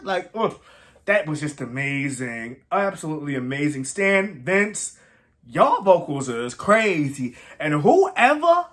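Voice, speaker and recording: A music reaction host giving casual, exclamatory commentary, emotional and teary-eyed, with emphatic, drawn-out phrasing. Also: mid-range voice, very animated, fairly bright tone.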